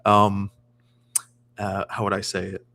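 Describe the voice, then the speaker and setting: A man's voice: fairly low pitch, monotone, slow, bright, forceful tone. A man chatting casually as a guest on a livestream, rambling with many restarts. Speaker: guest streamer.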